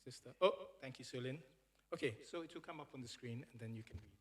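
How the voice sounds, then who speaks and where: A man at a medium pitch leads a church service in an easygoing manner. He thanks the speakers and calls up volunteers, and his speech is full of "uh" and "yeah". His voice is unremarkable and natural. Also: quick pace. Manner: relaxed, full of fillers and yeahs. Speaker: service leader. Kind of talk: casual church hosting.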